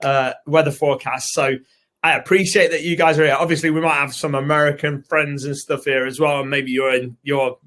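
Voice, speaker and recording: A man's voice: on the high side, flat delivery, a little fast, fairly bright tone. A British man co-hosting a live webinar, chatty and rambling as he greets viewers by name. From United Kingdom. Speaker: co-host and co-founder.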